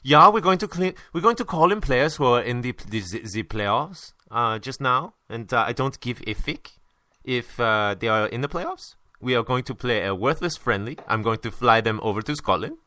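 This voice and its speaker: A man's voice: medium pitch, animated, moderate pace, pushed and bright, no room sound. A man doing a brash mock-German coach. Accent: put-on German, drifting. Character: German football coach, male, brash and dismissive.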